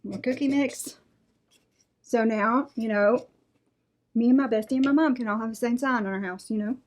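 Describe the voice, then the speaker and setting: A woman's voice: a little high, normal speed. Gushing woman unboxing crafts. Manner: gushing, enthusiastic, reads out prices. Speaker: unboxing vlogger. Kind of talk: casual unboxing chat.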